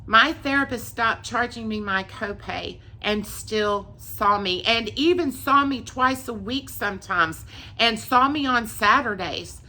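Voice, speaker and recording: A woman's voice: fairly high pitch, measured pace, sharp tone. A woman telling an emotional personal testimony, earnest and tearful, repeating herself as she goes. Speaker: vlogger sharing a faith testimony.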